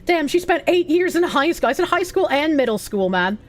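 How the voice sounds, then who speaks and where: A young woman with a bright, high voice and a Boston accent chats casually with her viewers. She is playful and swears freely, tossing in quick asides. Soft music plays faintly behind her. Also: very animated. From United States. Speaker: streamer. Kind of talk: casual chat reading viewer messages.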